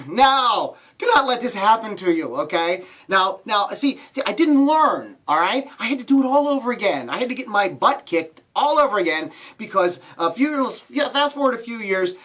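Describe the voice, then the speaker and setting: A man's voice: sits high, normal speed, hardly any pauses. A middle-aged man talking to camera as a business coach in a playful motivational vlog. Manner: playful, animated, jokes with squealing put-on voices.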